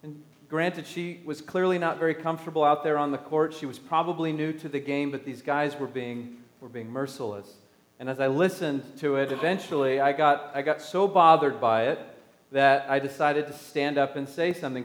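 Animated storytelling preacher, slightly high voice. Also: male voice, normal speed. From United States. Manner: storytelling, self-deprecating, animated when acting out the disciples. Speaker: pastor. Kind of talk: sermon.

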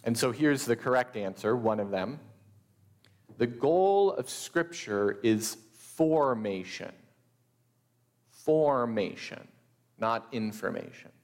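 A man preaching a sermon, deliberate and measured, with a few wry asides to the congregation. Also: mid-range voice, expressive, a little mellow, long reverb tail. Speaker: pastor.

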